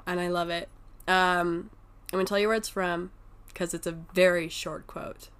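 A woman's voice: fairly low pitch, flat delivery, moderate pace, fairly bright tone, clean tone. A woman co-hosting a podcast in casual chat, swearing freely and laughing as she acts out movie lines. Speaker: podcast co-host.

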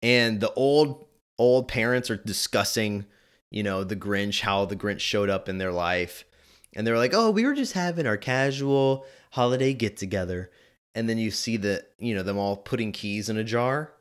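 A man in his twenties giving chatty movie commentary, animated and quick to laugh. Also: fairly low pitch, smooth. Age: 20s. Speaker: video host.

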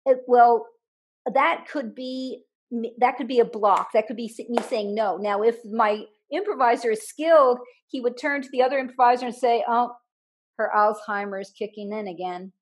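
A woman's voice: fairly high pitch, steady tone, moderate pace, poor audio. A woman author being interviewed, talking animatedly and laughing often as she describes things she loves. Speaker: author, guest. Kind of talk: casual interview chat.

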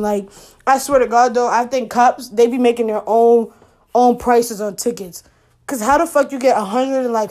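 A young adult woman telling a funny personal story in a casual storytime monologue. She is animated and profane, laughs as she goes, and acts out her own lines. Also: a little high.

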